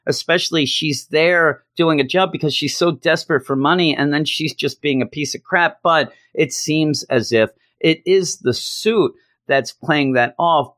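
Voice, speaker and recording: A man's voice: mid-range voice, fairly bright tone, no room sound, clean studio sound. A man giving a casual spoken comic book review, blunt and exasperated, with casual swearing.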